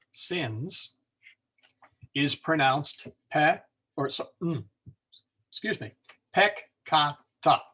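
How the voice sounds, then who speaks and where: A man teaching a language class in a loose, chatty way, with plenty of fillers and restarts. He stretches words out slowly to show how they are said and tosses in small jokes for the class. His voice sits at an ordinary middle pitch. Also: breathy edge. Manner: relaxed and chatty, many fillers and self-corrections, joking asides; sounds words out slowly to model them. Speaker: Latin teacher. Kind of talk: informal classroom lesson.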